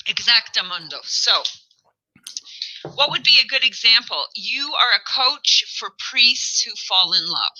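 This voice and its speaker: A woman guest coach in casual chat, animated and joking, rambling through her points. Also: on the high side, a little slow, poor audio.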